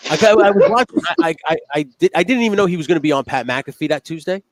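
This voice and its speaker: A man's voice: high-pitched, lively intonation, rapid-fire, a crowd in the background. Fired-up, swearing male podcast host. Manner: heated, profane ranting. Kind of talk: casual wrestling chat.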